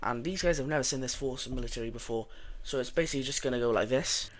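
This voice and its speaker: A young man giving a casual voice-over narration of a map scenario, relaxed and rambling with many fillers and restarts. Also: medium pitch, fast talker. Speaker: mapping video narrator.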